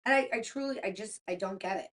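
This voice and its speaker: A woman's voice: medium pitch, fast. Swearing middle-aged woman telling stories. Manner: animated, swears freely, acts out quotes. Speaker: podcast co-host. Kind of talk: casual storytelling chat.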